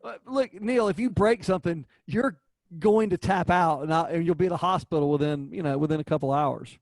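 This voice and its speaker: A man with a rather high voice talks casually on a podcast and teases his co-host. He laughs often. The sound is dry and close, with no room in it. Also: a little fast, no echo. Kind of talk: casual chat.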